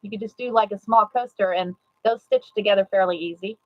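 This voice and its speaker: A woman giving a live sewing demonstration, chatty and excitable, repeating herself and greeting viewers. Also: mid-range voice, fairly quick, phone-quality sound. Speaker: sewing instructor.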